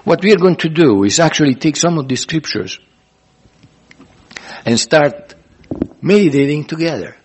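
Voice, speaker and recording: Husky-voiced man preaching a sermon. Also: on the high side. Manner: earnest, repetitive, pauses and restarts. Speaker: pastor. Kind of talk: sermon teaching.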